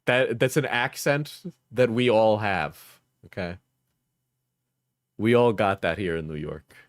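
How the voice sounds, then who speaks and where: A man hosts a casual livestream, reacting and joking with his chat. He speaks at a slow, easy pace and laughs often. The recording is dry and close, with no room echo. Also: lowish voice. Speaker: streamer.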